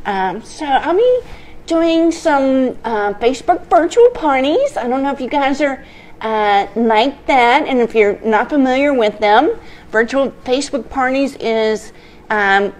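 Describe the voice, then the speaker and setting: Lady cooking at home, high swoopy voice, takes her time, lotsa ums and giggles. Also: unhurried. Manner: giggly, excitable, lots of ums. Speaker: home cooking show host. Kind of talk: casual cooking chat. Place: home kitchen.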